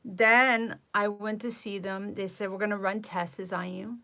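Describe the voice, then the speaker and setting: A woman's voice: medium pitch, measured pace. Exasperated woman vlogger telling her story. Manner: exasperated, animated retelling with mocking impressions. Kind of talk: casual storytelling to camera.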